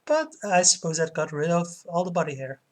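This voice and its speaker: A woman casually commenting on a retro game as she plays it, talking slowly with frequent fillers and light laughs. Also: on the low side. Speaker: game streamer. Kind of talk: let's play commentary.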